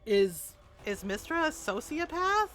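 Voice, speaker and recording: A woman's voice: high-pitched, measured pace, faint music behind. A woman streaming a game, chatting casually and laughing often, with loose, profane commentary. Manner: animated, laughing, swears, breaks into character voices. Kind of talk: casual gameplay chat.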